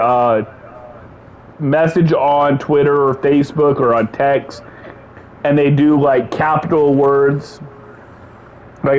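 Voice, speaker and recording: Casual podcast co-host, man, excitable, laughs a lot, slightly dull lo-fi sound, faint room hum. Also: mid-range voice. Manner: animated, laughing, repeats himself. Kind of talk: casual chat.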